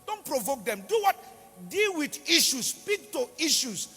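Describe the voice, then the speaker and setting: In a large, reverberant church hall with music playing, a man with a Nigerian accent preaches a sermon, pleading and repeating himself for emphasis. His voice is very high, pushed and bright, extremely animated yet measured in pace. The delivery is impassioned and pleading.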